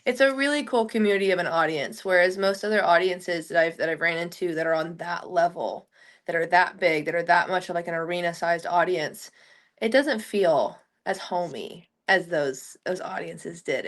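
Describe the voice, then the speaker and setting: A woman's voice: lowish voice, fairly quick. A young woman from Oklahoma, a country singer, chatting casually in an interview and telling rambling stories full of "like.". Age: young adult. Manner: chatty, rambling storyteller with many "like" fillers.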